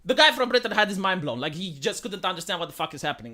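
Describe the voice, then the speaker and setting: Bright, lively-voiced woman streamer. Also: lowish voice, rapid-fire, few pauses. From Romania. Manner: rambling, with many restarts and swearing. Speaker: live streamer. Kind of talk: casual livestream commentary.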